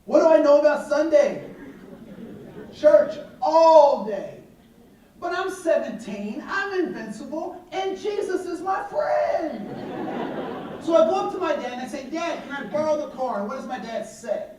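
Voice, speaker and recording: A man giving a talk to an audience, telling stories with animated delivery, acting out dialogue and asking rhetorical questions. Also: very high-pitched, a little slow, a faint crowd, slight background noise. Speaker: speaker on attitudes and education. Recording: very echoey hall from far off.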